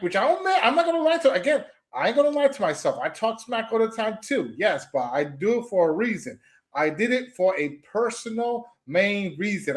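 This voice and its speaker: A young man on a commentary stream, his voice sitting high and swooping all over as he rants. He trash-talks in mocking jabs, trips over his own restarts and keeps circling back to the same phrases. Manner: trash-talking, repetitive, stumbling restarts, mocking "moo" noises. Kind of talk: ranting call-out commentary.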